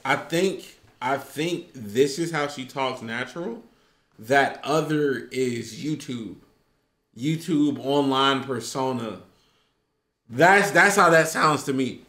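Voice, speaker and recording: A man co-hosting a casual livestream, reacting to clips with loud, slangy, laughing banter. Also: medium pitch, slow pace, reverberant.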